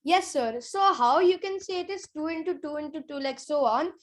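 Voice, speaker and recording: A young student, earnestly explaining an answer in class, saying "like" often. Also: female voice, sits high, normal speed.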